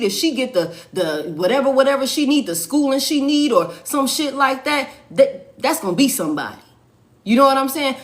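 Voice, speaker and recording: A woman's voice: a little high, fairly bright tone. Blunt, foul-mouthed woman tarot reader. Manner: blunt, profane, repeats lines for emphasis. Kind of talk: casual tarot reading monologue.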